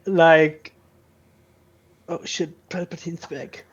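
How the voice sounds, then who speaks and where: A man's voice: a little high, takes it slowly, highs cut off. A man playing a tabletop game, talking casually, joking and swearing. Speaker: player.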